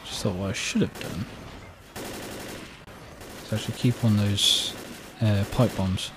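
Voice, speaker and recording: A British man giving gameplay commentary, chatting to himself with quiet mutters and sudden outbursts. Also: on the low side, steady tone, a little slow, noisy background. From Britain. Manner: chatty, jumps between mutters and sudden exclamations. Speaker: let's play gamer.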